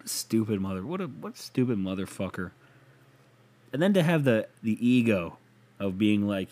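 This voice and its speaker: Sarcastic guy ranting on his podcast, swears a lot, kinda mellow dark voice. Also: fairly low pitch, very animated, moderate pace. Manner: profane, sarcastic, rambling. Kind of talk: casual comedic rant.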